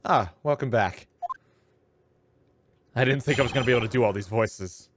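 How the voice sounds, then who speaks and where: A man's voice: mid-range voice, moderate pace, background noise. A man co-hosting a casual game playthrough, joking and doing voices for the game's dialogue. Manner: jokey, loud bursts when acting out lines. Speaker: let's play co-host. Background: game music.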